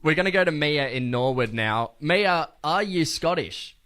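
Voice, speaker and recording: Man, radio host, bright slightly high voice, upbeat and leading. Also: expressive, normal speed. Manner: upbeat, leads segments and takes calls. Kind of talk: casual radio banter.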